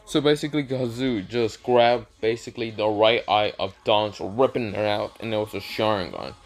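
A man's voice: lowish voice, moderate pace, few pauses. A man improvising a fan-fiction story aloud, rambling and hesitant, losing his place and swearing as he goes.

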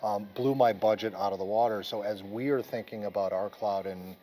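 Fast-talking Boston man, low voice. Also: steady tone, mellow, slight background noise. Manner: fast, emphatic, rhetorical questions. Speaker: interviewed executive. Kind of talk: conversational interview answers. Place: busy conference venue. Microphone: camera mic at a trade show.

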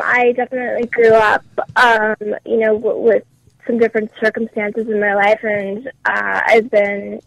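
A young adult woman, a guest musician, talking casually in an interview with frequent ums and pauses. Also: medium pitch, gravelly, poor audio. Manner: hesitant, lots of ums and uhs.

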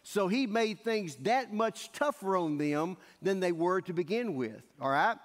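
A male pastor preaching a sermon in a church sanctuary, telling the story in an animated way and acting out the scenes. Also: sits high, measured pace. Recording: echoey church hall.

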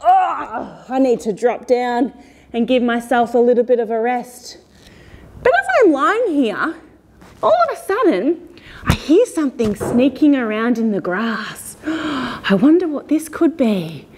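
A woman guides children through yoga poses with a high, bouncing voice. She takes her time, drawing out each instruction, and breaks into playful meows and barks. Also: sing-song, measured pace, darkish tone, slight background noise. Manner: playful, animal sound effects.

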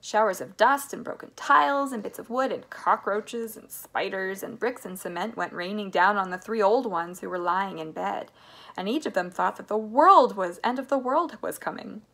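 A woman narrating a children's book aloud in an expressive, animated way. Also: mid-range voice, moderate pace, gravelly. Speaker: reader. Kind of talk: storybook narration.

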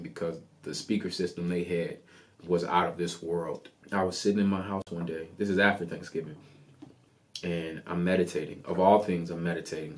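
A man hosting a podcast, telling a personal story in a casual, conversational way with lots of asides. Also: deep voice. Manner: conversational, animated retelling with asides. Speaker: podcast host.

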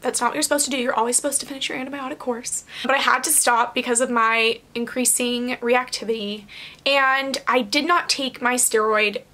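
A young woman with a high, sharp, bright voice talks straight to camera in a casual vlog. She is frank and chatty, slips in light swearing, and laughs easily. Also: fairly even intonation, fairly quick. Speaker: vlogger. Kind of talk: candid casual chat to camera.

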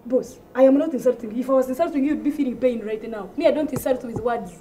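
Ugandan English-accented woman comic, high voice, indignant rant, repeats herself. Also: fast, dark tone, a little hiss or hum. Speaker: comedian. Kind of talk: comedy sketch.

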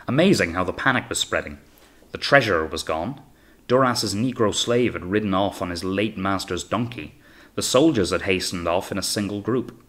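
A man reading an audiobook as narrator in a steady, measured way. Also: sits low. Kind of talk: scripted narration.

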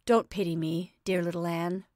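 A woman's voice: mid-range voice, moderate pace, no room sound, studio quality, close to an everyday voice. A woman voicing a shy, heartbroken young man in a storybook reading, speaking tersely. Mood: choked.

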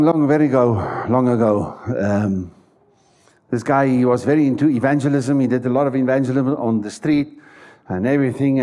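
A man's voice: medium pitch, warm tone. Man pastor preaching in church, emphatic, keeps asking the crowd questions. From South Africa. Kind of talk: sermon.

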